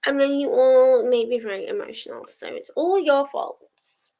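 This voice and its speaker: Over poor audio, a young woman running a reading-sprint livestream talks casually with her audience, laughing a lot and getting teary. Her voice is high, gravelly and darkish, slow, with huge swings in pitch.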